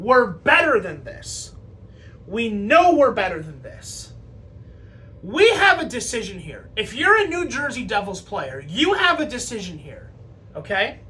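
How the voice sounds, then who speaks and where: A woman's voice: sits high, pushed and bright. A woman hosting a fan show, delivering an impassioned, scolding post-game rant with profanity. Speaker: podcast host.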